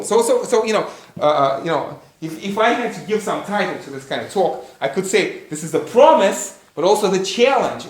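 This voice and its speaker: A man's voice: high voice, recorded from a distance. A man giving a university lecture, thinking aloud with many fillers, restarts and rhetorical questions. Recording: echoey room, voice from afar.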